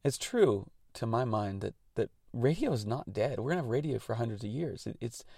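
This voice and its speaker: A man's voice: mid-range voice, very animated, brisk, creaky, dark tone, slightly rough, no room sound, studio quality. A man hosting a radio show, talking through technical details and his thoughts in an earnest, reflective monologue.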